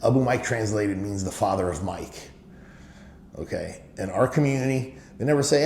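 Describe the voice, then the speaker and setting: In an echoey room with a faint noise floor, a middle-aged business owner tells candid stories as an interview guest. He speaks emphatically at a moderate pace, his fairly low voice a little mellow, and uses "you know" a lot.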